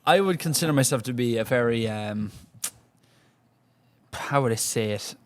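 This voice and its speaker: An Irish man co-hosting a podcast, telling a bar story in a casual, even-keeled way. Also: mid-range voice, moderate pace. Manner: even-keeled, level energy. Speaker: podcast co-host and bar worker.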